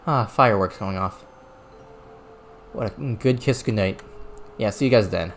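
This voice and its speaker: A man's voice: on the low side, measured pace, faint music behind. A man streaming a video game, talking casually in a rambling way with many restarts and stumbles. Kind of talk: casual gameplay commentary.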